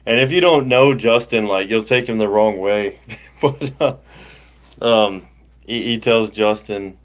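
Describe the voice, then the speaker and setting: A middle-aged man talks casually on his livestream. His voice sits a little low. He rambles, circling back with plenty of "uh" and "you know.". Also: unhurried. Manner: rambling storyteller, many fillers and restarts. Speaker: livestream host.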